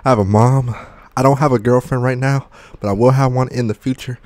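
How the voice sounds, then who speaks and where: Young guy streaming, out of breath, keeps groaning and cracking jokes, mid-pitch voice. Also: fairly even intonation, fairly quick, darkish tone, no room sound. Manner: exclaiming, groaning, joking. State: out of breath, mouth burning. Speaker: gaming YouTuber. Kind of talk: casual commentary while eating hot wings and gaming.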